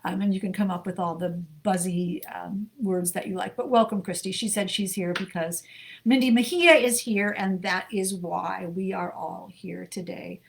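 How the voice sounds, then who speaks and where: A middle-aged woman from the United States co-hosting a live book show from her home desk, chatty and warm, greeting viewers by name with many ums. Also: mid-range voice, steady tone, normal speed, creaky. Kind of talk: casual live-stream chat greeting viewers.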